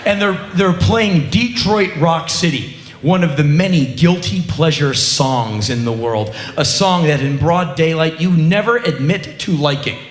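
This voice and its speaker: A man's voice: on the high side, measured pace, reverberant. A middle-aged man telling a sarcastic, profane comic story on stage. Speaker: spoken-word comedian.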